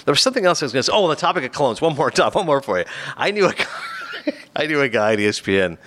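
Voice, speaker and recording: A man's voice: medium pitch, very fast. A middle-aged man hosting a radio show, chatting casually and telling stories by acting out the dialogue. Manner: animated storyteller who acts out dialogue. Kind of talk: casual sports-radio banter.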